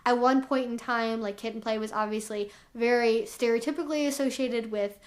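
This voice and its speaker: A woman's voice: a little high, fairly even intonation, brisk. A young woman vlogging to camera as an educator, explaining herself candidly and with lots of "like" fillers. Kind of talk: talking to camera.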